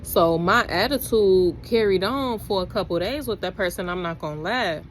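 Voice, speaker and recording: A young adult woman, talking casually to camera about faith, preachy and animated, with her voice climbing when she exclaims. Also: medium pitch, normal speed, slight background noise. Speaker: faith vlogger.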